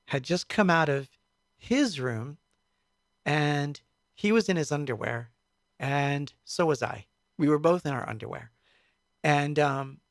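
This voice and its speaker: A man telling a story in a casual stream, speaking in a halting, reflective way with many fillers. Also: mid-range voice, a bit bright, dry recording, studio quality. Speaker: musician recounting a tour.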